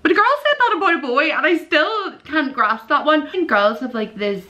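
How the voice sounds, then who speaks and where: Young woman vlogger, chatty and giggly, high lively voice with big swoops. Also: moderate pace, lo-fi sound. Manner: giggly, animated, swoops into squeals and disgusted groans. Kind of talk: casual chatty vlog.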